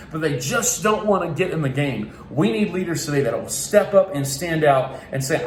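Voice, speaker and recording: Man, motivational keynote speaker, lively storyteller, slightly high voice, faint background hum. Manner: energetic, acts out voices in his stories. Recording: echoey room, faint ambient noise.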